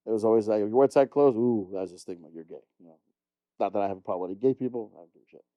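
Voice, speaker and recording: Fast-talking exasperated middle-aged man. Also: lowish voice, no room sound, dull audio. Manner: blunt, exasperated ranting with frequent swearing. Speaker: podcast co-host. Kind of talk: casual chat.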